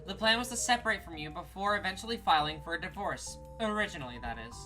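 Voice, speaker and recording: Woman doing a haughty middle-aged rich wife, cold and disdainful, lower and quieter than her own voice but still bright. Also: expressive, soft background music. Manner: cutting, disdainful, measured.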